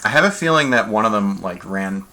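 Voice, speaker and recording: A man's voice: fairly low pitch, animated, brisk, pushed and bright, a little hiss or hum. A man running a tabletop game as game master, laid-back and chatty, on a desk mic.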